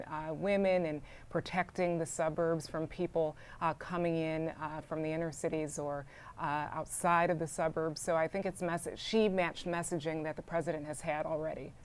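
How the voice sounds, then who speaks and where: A woman political reporter explaining on a live news panel, with frequent fillers. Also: low voice.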